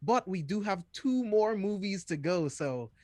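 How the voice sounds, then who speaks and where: A man's voice: sits high, lively intonation, measured pace, a little mellow, dry recording, studio quality. A man as a guest on a film podcast, talking enthusiastically and rambling a little. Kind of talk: casual podcast chat.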